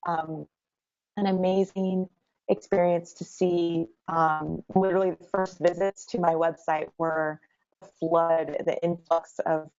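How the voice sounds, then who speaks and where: A woman in her thirties, a guest entrepreneur telling her story in an interview, animated and quick. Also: lowish voice. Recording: dull lo-fi sound.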